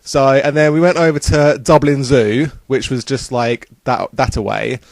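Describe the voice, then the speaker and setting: A young man's mid-range voice, creaky and steady in tone, carries a casual travel vlog at a moderate pace. He rambles upbeat about his trip, leaning on fillers. The recording has no echo.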